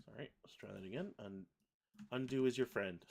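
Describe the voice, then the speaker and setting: A man hosting a live software tutorial, thinking aloud and correcting himself as he works. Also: lowish voice, fairly quick, creaky. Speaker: software livestream host. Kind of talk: casual live software demo.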